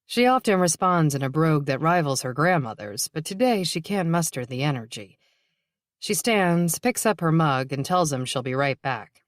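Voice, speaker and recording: A woman narrating a novel in a steady, even reading voice. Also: low-pitched, normal speed, no room sound, clean studio sound. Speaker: audiobook narrator. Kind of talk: scripted narration.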